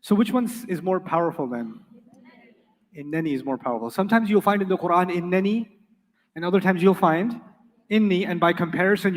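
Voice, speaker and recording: A man's voice: on the high side, big-room sound. A man teaching Arabic grammar to a class, emphatic, repeating key points and quizzing his students.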